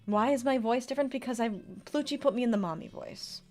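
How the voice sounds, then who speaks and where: A woman's voice: fairly high pitch, fast, a little mellow. A woman in her twenties chatting casually on a livestream, reading card text aloud and answering her chat. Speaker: streamer. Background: faint background music.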